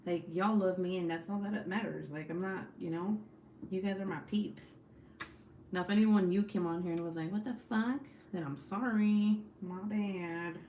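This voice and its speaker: A young woman runs a crafting livestream from home, chatting casually while she works, blunt and profane and laughing often. Her voice is lowish and dark, with a steady tone and moderate pace. The room is echoey, and a faint hiss or hum sits underneath.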